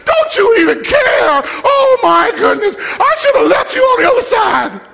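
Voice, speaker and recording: A man playing a shrill, panicking disciple. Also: very animated, measured pace, vocal fry, a little hiss or hum, heavily acted. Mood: frantic. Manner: shrill frantic yelling complaints. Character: panicking grown male disciple, whiny and frantic.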